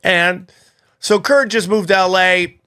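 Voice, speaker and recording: A man of Armenian heritage hosting a podcast in a casual, animated, rambling way. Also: a little slow, clean tone. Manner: animated, rambling, jumps up in pitch when excited. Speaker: podcast host.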